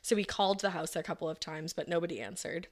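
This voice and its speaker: A woman's voice: lowish voice, fast. A woman co-hosting a podcast, telling a true crime story in a casual, chatty way and quoting people in her own voice. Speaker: podcast co-host telling the case.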